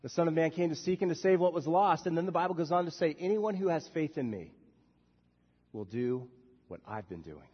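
A man preaching a sermon as a minister, swinging from soft, quiet passages to loud shouted bursts. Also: a little high, animated, a little fast, breathy edge, long reverb tail, lo-fi sound. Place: church sanctuary.

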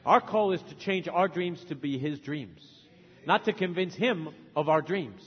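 A man in his forties preaching a sermon as a missionary, emphatic, swinging from loud urging to soft, tender asides. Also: a little high, lively intonation, a little slow, husky. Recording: long hall reverb, dull lo-fi sound.

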